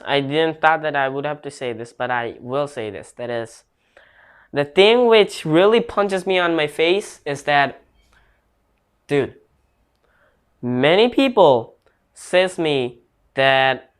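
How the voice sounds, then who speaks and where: A man's voice: fairly high pitch, a bit bright, clean tone. A man giving a casual online English lesson, speaking hesitantly with restarts and non-native grammar. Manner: slow, hesitant talk with restarts. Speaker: English teacher.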